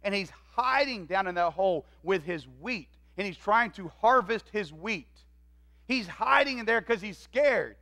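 A man preaching a sermon, retelling a story in an animated way and acting out its voices. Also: sits high, measured pace. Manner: animated, acts out quoted voices. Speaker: pastor. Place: church.

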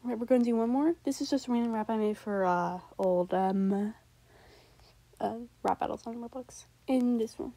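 A woman's voice: on the high side, moderate pace, no echo, low-quality recording. Young woman rambling through a reaction video. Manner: rambling, swings between loud outbursts and mumbled asides. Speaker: content creator reacting to her old raps. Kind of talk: casual reaction commentary.

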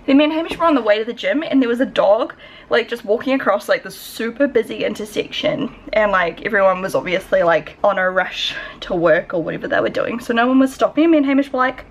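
A woman's voice: fairly high pitch, fast talker, slight background noise. A young woman with a New Zealand accent chatting casually to camera in a home vlog, full of "like" fillers. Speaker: vlogger.

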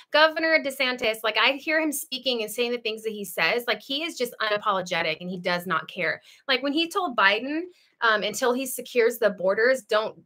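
A woman hosting a casual home livestream, reading out viewer comments and chatting with lively asides and frequent laughs. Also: fairly high pitch. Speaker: livestream host.

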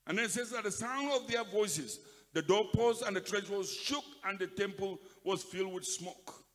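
An older man with a Nigerian accent delivers an emphatic sermon, often repeating his words and dropping from loud calls to quiet asides. His voice sits fairly high for a man. It rings out with a long reverb from a big hall. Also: moderate pace. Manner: emphatic, repeats phrases, swings from loud to soft. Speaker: pastor. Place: large conference hall.

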